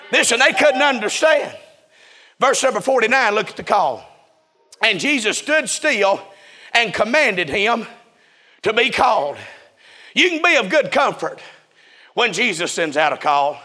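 A man preaching a fiery revival sermon, often shouting in a rhythmic preaching cadence. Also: high-pitched, sing-song, unhurried, long pauses.

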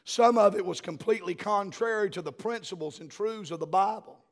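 A middle-aged man, preaching a sermon as a pastor and building to fervent shouting. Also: high voice, a little fast.

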